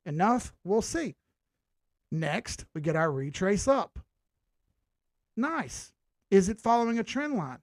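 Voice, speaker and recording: A man's voice: sits high, very animated, slow pace, pauses often, no echo. A man hosting a live stream, walking viewers through a chart in a casual, joking way and asking them rhetorical questions. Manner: casual, chatty, full of rhetorical questions and jokes. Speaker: crypto chart analyst, stream host.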